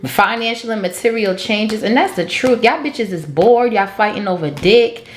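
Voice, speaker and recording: A woman's voice: mid-range voice, expressive, normal speed, a little hiss or hum. A woman giving a casual tarot reading, blunt and profane, breaking into bits of song. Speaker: tarot reader. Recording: echoey room with faint music.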